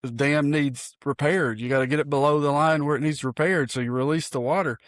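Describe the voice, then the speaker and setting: A man, a pastor co-hosting a podcast, talking in an earnest, folksy, animated way with frequent restarts. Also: fairly high pitch, a little fast, no echo, clean studio sound. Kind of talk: casual chat.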